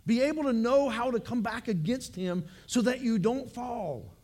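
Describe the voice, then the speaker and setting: A man preaches to his congregation in a loose, conversational way, doubling back on words as he pushes toward each point. His voice sits notably high for a man. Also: normal speed, a little mellow. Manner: conversational, repeats words while building points. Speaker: pastor. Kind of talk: sermon.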